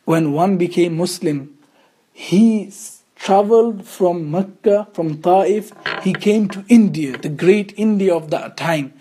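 A man gives a religious lesson and tells the story with earnest conviction. His voice sits fairly high yet sounds mellow and warm. A faint hiss runs underneath the recording. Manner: earnest storytelling with emphatic rhetorical questions. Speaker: Islamic studies teacher.

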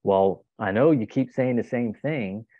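A man's voice: fairly low pitch, unhurried, dry recording. A man playing an exasperated wife on a tinny line. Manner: exasperated venting. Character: frustrated wife voicing her complaints. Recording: tinny phone-like dry sound.

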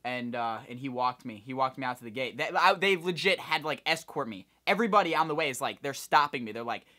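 Young man, vlogger, casual storytelling, bright tone, slightly high voice, swears a lot. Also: quick pace. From Ohio, United States. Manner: animated, rambling, swears a lot.

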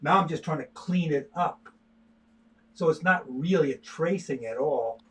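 An older artist chats casually on a livestream while he sketches, in a stop-start manner full of repeated words. His voice is a little high, a bit bright, and husky, and he speaks unhurriedly.

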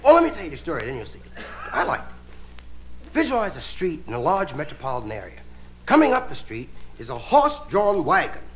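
Comedian guy telling stories, high bouncy voice, laid-back drawl, hissy live tape. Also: fairly quick. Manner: relaxed drawling, playful asides. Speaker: stand-up comedian. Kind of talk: stand-up comedy storytelling. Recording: hissy live album recording.

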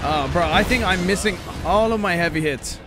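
A young man streaming a video game, panicking, shouting and swearing at his chat as he plays. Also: sits high, moderate pace, music in the background. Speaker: gaming streamer. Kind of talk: live gameplay commentary.

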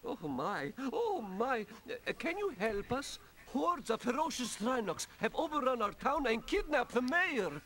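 Tiny jittery villager guy, super high squeaky game voice, bouncy. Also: very animated, measured pace, hardly any pauses, bright, forceful tone, heavily acted. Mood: pleading. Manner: fretful, pleading. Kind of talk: video game voice acting.

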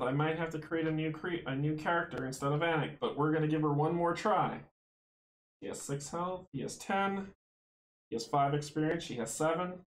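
A man's voice: fairly high pitch, reverberant, poor audio. A man playing a tabletop board game solo, thinking aloud, counting out moves and chuckling often.

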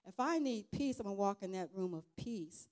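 Earnest woman giving a halting testimony. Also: mid-range voice, animated, a little mellow. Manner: halting, restarts, earnest and conversational. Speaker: guest speaker. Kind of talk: informal testimony sermon.

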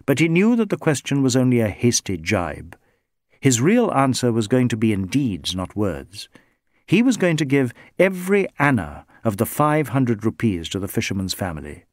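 A male audiobook narrator reads a script with lively intonation in a mid-range voice. The studio sound is clean, with no room sound.

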